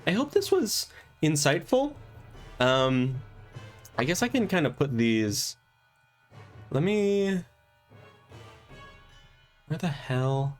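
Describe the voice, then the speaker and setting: A man's voice: a little high, big pitch swings, slow, long pauses, soft background music. A man acting as game master, thinking aloud as he rambles through plans for a tabletop session. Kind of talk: casual planning monologue.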